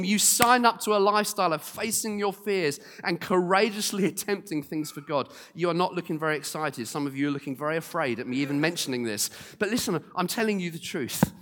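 A man preaches in a lively storytelling way, acting out the people in his stories. His voice sits a little high for a man. Long reverb from a large church hall hangs on his words. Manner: lively storyteller, acting out quotes, direct to congregation. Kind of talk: storytelling sermon.

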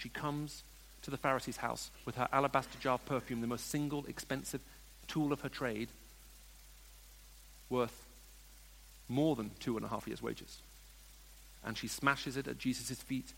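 A man preaching a sermon, moving between hushed storytelling and emphatic questions to the congregation. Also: mid-range voice, steady tone, normal speed, gravelly, a little hiss or hum. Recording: long reverb of a large hall.

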